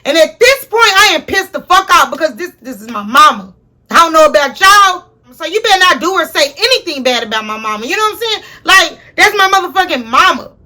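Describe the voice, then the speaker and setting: Young woman vlogger, high bright voice, animated and profane, chatting to her viewers. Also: brisk. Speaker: storyteller host. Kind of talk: casual storytime vlog.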